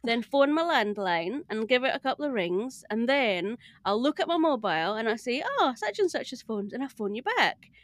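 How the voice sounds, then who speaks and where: A woman's voice: a little high, expressive, normal speed, no echo. A Scottish woman, a podcast guest calling in remotely with her camera off, who tells stories animatedly, laughs often and acts out what other people said. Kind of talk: casual chat, animated storytelling. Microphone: remote call, camera off.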